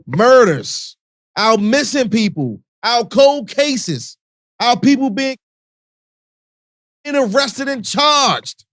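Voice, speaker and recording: High, lively-voiced radio host. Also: male voice, very slow, long pauses, no echo, clean studio sound. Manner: animated, preachy, conversational with slang. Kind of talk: casual radio talk.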